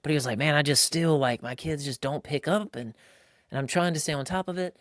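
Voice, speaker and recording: A man's voice: fairly high pitch, a little fast, dry recording, clean studio sound. A man in his thirties hosting a casual podcast chat, telling stories with lots of acted-out quotes and casual slang. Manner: animated storytelling, acting out quotes, frequent "like" and "bro". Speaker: podcast host.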